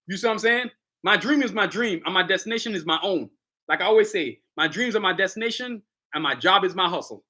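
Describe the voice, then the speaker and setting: A man's voice: high-pitched, expressive, fast, pushed and bright. A man hosting his own livestream, talking casually in a hyped, motivational, slangy way straight to his viewers. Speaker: livestream host, artist.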